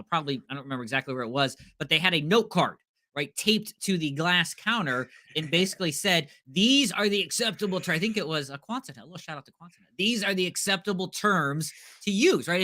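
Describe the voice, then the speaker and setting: A man's voice: on the high side, pushed and bright. A man co-hosting a casual podcast, chatty and joking, peppering his partner with questions. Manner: chatty, asks questions, jokes. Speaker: podcast co-host. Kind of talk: casual chat.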